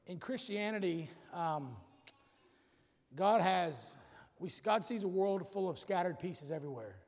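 A man's voice: high voice, animated, a little slow, a little mellow. A man preaching a casual, joking sermon in a church, using a puzzle as an object lesson. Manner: folksy and joking, says y'all. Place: church sanctuary. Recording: reverberant church hall.

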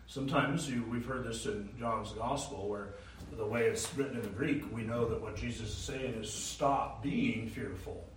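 A man's voice: fairly even intonation, moderate pace. Preaching man in an echoey sanctuary. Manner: emphatic preaching, rising to loud declarations then dropping low. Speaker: pastor. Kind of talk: sermon. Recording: roomy, from a distance, faint hiss.

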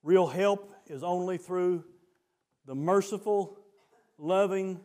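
Preacher man, high-pitched, swings between low talk and fervent shouting. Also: takes it slowly. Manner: rising to fervent shouts, then dropping low. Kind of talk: sermon.

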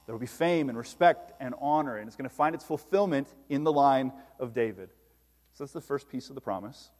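A man preaching a sermon, reading scripture aloud with slow emphasis and then explaining it to his congregation. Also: mid-range voice, a little mellow, big-room sound. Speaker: pastor.

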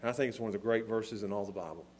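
A man preaching a sermon to a congregation in church, with a repetitive, emphatic cadence, swinging from hushed low tones to shouted emphasis. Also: very fast, a little hiss or hum. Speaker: pastor. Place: church service before a congregation.

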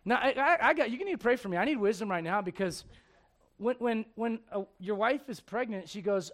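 Young male pastor, high voice, dynamic preaching with humorous asides. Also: animated, a little fast. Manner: dynamic preaching, swinging from quiet asides to loud exhortation; humorous, acts out quoted voices. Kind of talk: sermon.

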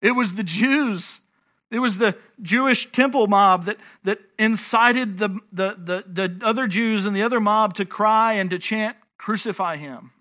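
A man's voice: high voice, measured pace, sharp tone. A man preaching a sermon as pastor, earnest and emphatic, often restarting his phrases.

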